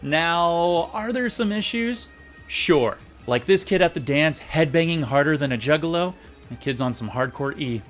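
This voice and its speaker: A man's voice: fairly high pitch, expressive, measured pace, soft background music. A man casually reviewing an old episode with sarcastic, jokey asides. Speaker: video reviewer.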